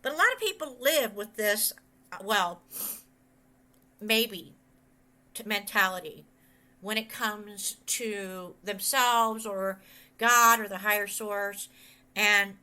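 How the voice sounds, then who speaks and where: A middle-aged woman pastor talks her way through a message in a loose, chatty sermon style. Her voice sits somewhat high and rings bright and forceful. She wanders through anecdotes and acts out the people she quotes. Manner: rambling, animated, quotes others in voices. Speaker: pastor and author. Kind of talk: conversational sermon with storytelling.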